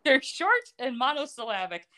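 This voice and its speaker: Sarcastic laughing woman, lively voice. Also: high voice, normal speed. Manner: sarcastic, laughing, blunt and profane. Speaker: podcast host recapping a TV series. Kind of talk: casual chat.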